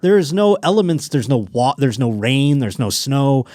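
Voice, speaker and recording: A man's voice: medium pitch, sing-song, moderate pace, darkish tone, no echo, clean studio sound. A man hosting a comedy podcast, telling rambling stories and riffing on the news in casual chat. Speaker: podcast host.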